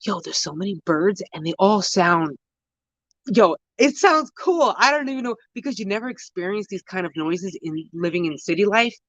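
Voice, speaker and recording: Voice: mid-range voice, lively intonation, moderate pace, no room sound, highs cut off. A gardening vlogger, chatting casually while walking around an outdoor garden with a handheld phone camera, rambling and correcting themselves, full of slang. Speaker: gardening vlogger answering viewer questions. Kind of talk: casual chat.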